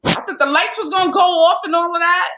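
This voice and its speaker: A woman with a high, bright voice co-hosts a casual podcast chat over a video call. She teases the others and laughs easily, and she slips in advice the way a vocal coach would. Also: steady tone. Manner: playful, teasing, quick to laugh.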